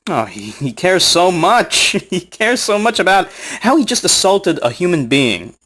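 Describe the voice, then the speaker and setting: A man's voice: high voice, sing-song, a little slow, a bit bright. A man recounting an online argument in casual commentary, mocking, sarcastic and profane, often breaking into laughs, recorded on a smartphone.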